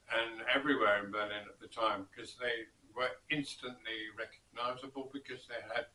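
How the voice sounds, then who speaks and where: A man recounts an old story at an unhurried pace, drifting and pausing as he goes. His voice is bright and clear. He sits back from the mic in an echoey room. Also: mid-range voice, recorded from a distance. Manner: slow and rambling, with pauses and self-corrections. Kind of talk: casual spoken storytelling.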